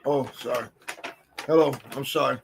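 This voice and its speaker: A man hosting a podcast in casual chat, loud, boisterous and profane. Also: medium pitch, steady tone, normal speed, gravelly, slight background noise, poor audio. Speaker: podcast host.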